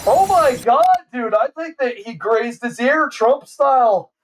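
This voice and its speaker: A man streaming a casual movie reaction, excitable and saying "dude" constantly. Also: very high-pitched, unhurried, recorded from a distance, slight background noise, rough recording.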